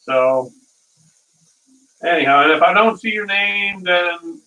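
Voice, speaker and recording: A man's voice: sits high, slow pace, pushed and bright, muffled recording. A man hosting a casual live cooking stream, rambling through stories and chuckling at his own dad jokes, from a distant mic.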